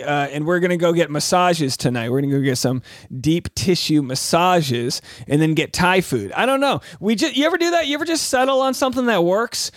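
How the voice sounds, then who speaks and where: An upbeat comic hosts his podcast in a high, lively voice, full of jokey asides. He is close on a dry mic with no room sound. Faint music plays under him. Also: no echo. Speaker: podcast host and stand-up comic. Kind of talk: energetic solo podcast chat.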